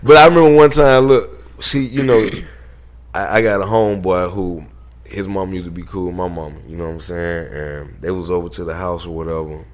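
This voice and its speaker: A man telling animated, profane stories as an interview guest and acting out the people he quotes. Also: deep voice, moderate pace. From Southern United States. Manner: profane, acts out quotes in voices. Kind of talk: animated storytelling.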